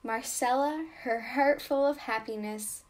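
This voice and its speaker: A woman reads a children's story aloud in a gentle storybook manner. She takes her time over every phrase. Her voice sits slightly high. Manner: slow, gentle storybook narration.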